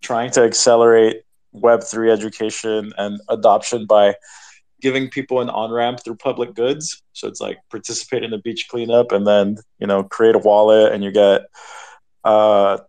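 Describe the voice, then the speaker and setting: A man's voice: lowish voice, level tone, moderate pace, a little mellow, rough recording. A man speaking as a guest on a casual live chat, upbeat and enthusiastic.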